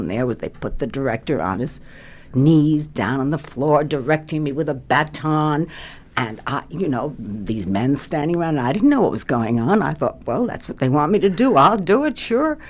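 An older woman with a low voice recalls her radio career in an interview. Her pitch rises and falls freely as she spins anecdotes, and she talks in a chatty, laughing way. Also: a little mellow. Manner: chatty storyteller, laughs often. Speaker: guest, former radio actress. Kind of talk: reminiscing interview.

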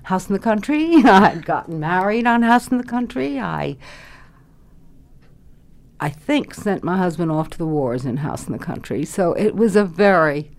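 An older woman, a former radio actress, reminiscing in an interview as an animated storyteller who laughs readily. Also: lowish voice, normal speed. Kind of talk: reminiscing conversation.

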